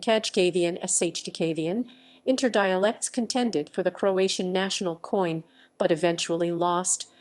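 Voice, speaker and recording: A woman reading an encyclopedia article aloud in a flat read-aloud manner, spelling out unfamiliar words. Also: mid-range voice. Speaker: article reader.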